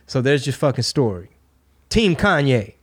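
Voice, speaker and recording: A man's voice: normal speed, slightly rough. Laid-back cussing man telling stories. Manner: laid-back, swearing storyteller; acts out quotes with lively pitch jumps. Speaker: podcast host. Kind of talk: casual chat.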